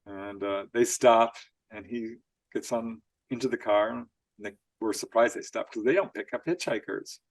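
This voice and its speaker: Animated male storyteller. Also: on the low side, normal speed. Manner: animated storyteller, laughs often, acts out quotes. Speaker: author guest. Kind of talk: storytelling interview.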